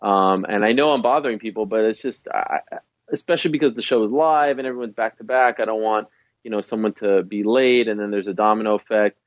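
A man's voice: on the low side, fast, no echo, lo-fi sound. A man guesting on a podcast, chatting casually and emphatically about his own show. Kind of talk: casual interview chat.

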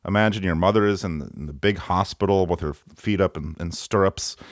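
A man hosting a podcast in a casual, comedic chat, playful and quick to laugh. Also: low voice, dry recording, clean studio sound. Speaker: podcast host. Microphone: remote call.

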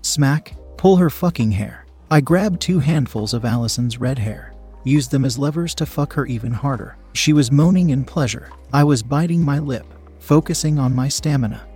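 A man narrating a first-person story in a steady, frank way. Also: mid-range voice, normal speed, slightly rough, soft background music.

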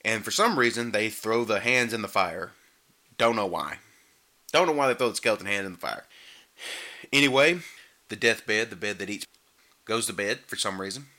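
Male comic reviewer, sarcastic and animated, bright forward tone. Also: normal speed, pauses often. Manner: sarcastic, animated, mocks the acting with squeaky imitations. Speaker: movie reviewer. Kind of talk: comedic movie recap.

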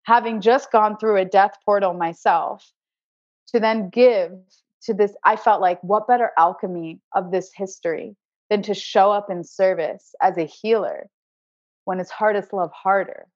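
A woman's voice: medium pitch, measured pace, no room sound. A woman guest on a podcast who works as an acupuncturist, telling a personal healing story in an earnest, spiritual way and often repeating words as she searches for them. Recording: dry, slightly dull recording.

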